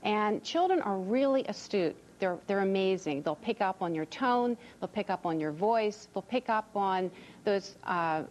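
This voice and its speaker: A woman's voice: medium pitch, animated, a little slow, darkish tone, slight background noise. A woman child psychologist answering as a TV interview guest, earnest and reassuring, often repeating words as she starts a sentence. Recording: dull lo-fi TV audio.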